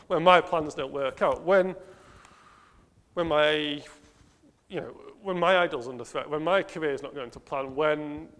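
A man's voice: on the high side, a little slow, a bit bright. A man preaching a sermon in an earnest, self-questioning way, asking the congregation rhetorical questions. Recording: long hall reverb.

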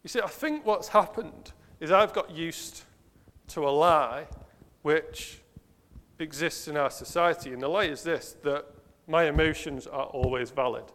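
A man's voice: a little high, measured pace, fairly bright tone. A man preaching a sermon in an earnest, self-questioning way, asking the congregation rhetorical questions. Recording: long hall reverb.

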